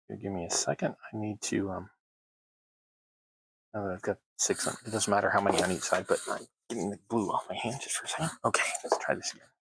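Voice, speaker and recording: A man's voice: lowish voice, fairly even intonation, fast talker, gravelly, fairly bright tone, husky, dry recording, rough recording. A man hosting a crafting livestream, chatting casually while he works, with wry, self-deprecating asides. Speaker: terrain crafting livestream host.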